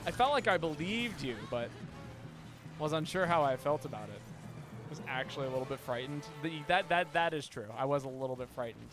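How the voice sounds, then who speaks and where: A man chats casually over a live game stream, his voice sitting a little high for a man. He is playful and keeps tripping over repeated words. Game music plays clearly behind him. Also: animated, a little fast. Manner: playful, stammering word repeats. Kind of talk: casual live-stream chat while gaming.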